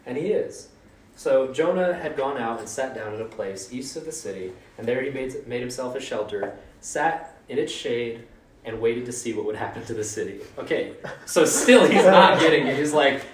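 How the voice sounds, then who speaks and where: A man's voice: mid-range voice, lively intonation, moderate pace, a little hiss or hum. A man giving a casual, conversational sermon, informal and joking, with mock voices for quotes. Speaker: preacher. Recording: roomy echo, mic at a distance.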